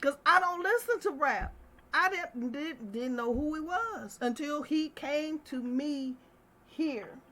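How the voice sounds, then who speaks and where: Fiery high-voiced middle-aged woman host. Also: expressive, takes it slowly, pushed and bright. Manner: passionate, heated storytelling. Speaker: livestream host. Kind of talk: casual chat.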